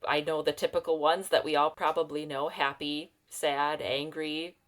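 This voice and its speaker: A woman in her thirties, a guest on a parenting podcast, speaking earnestly and reflectively, slowing down to think aloud. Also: deep voice, level tone. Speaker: guest, parenting program client. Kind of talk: conversational interview.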